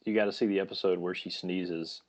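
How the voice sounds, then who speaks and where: A man's voice: low voice, fairly even intonation, a little fast, a little mellow. A man co-hosting a casual podcast, joking and giggling, often trailing off while hunting for words. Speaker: podcast co-host.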